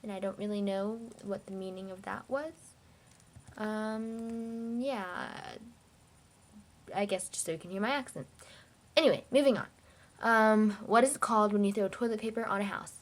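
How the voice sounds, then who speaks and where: A woman's voice: mid-range voice, moderate pace, slight background noise. A young woman from China, talking casually and reading out a word list for her vlog, hesitant with many fillers.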